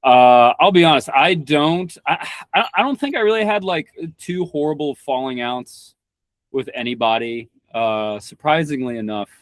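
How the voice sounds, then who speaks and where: A man's voice: fairly high pitch, lively intonation, moderate pace, no echo. Podcast guest, young Kentucky man, stammering restarts, blunt and profane, dry mic. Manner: rambling, frequent restarts and stammered repeats; blunt, swears freely. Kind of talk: casual conversation.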